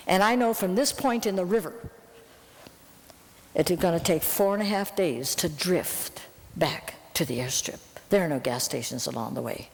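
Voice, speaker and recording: A woman missionary telling a lively story to an audience, her voice jumping up when she recounts her anger. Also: on the low side, in a large hall. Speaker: missionary Bible translator.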